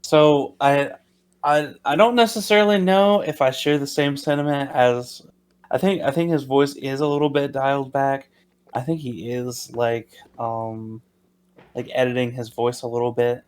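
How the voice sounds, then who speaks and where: A man with a mid-pitched voice co-hosts a casual podcast. He jokes and drags out words for emphasis. He talks loosely, with pauses and fillers. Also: fairly even intonation, a little mellow, smooth. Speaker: podcast co-host. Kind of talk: casual chat.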